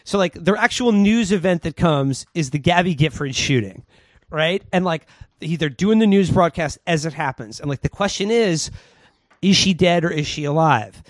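A man's voice: fairly high pitch, animated, moderate pace, dry recording. A man co-hosting a casual podcast chat, animatedly recapping TV scenes. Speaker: podcast co-host.

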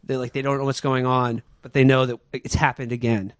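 A man's voice: medium pitch, level tone, a little fast, no echo. Sarcastic man recapping a movie. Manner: rambling, sarcastic retelling. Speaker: podcast host.

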